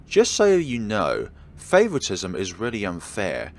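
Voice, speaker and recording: A man's voice: fairly low pitch, huge pitch swings, unhurried, creaky, full character voice. A man reading a visual novel aloud, voicing a secretive, teasing young woman from an occult club who talks in a cool, evasive way.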